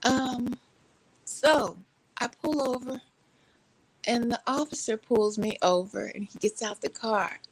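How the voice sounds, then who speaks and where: A woman, from Texas, telling a story in casual chat from her couch at home, animated and laughing, playfully shifting her voice. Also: on the high side, slow pace, long pauses, husky, rough recording.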